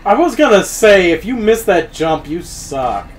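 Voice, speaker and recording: A woman's voice: medium pitch, very animated, a little slow, rough recording. Laughing woman swearing at a game. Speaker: let's play gamer. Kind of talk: casual gameplay commentary.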